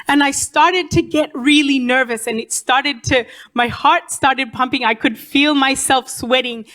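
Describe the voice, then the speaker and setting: A young woman with a high, bright voice shares her testimony before a church congregation. She speaks earnestly and with animation, breaking off and restarting her phrases as she goes. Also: unhurried, hardly any pauses. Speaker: church worker giving a testimony.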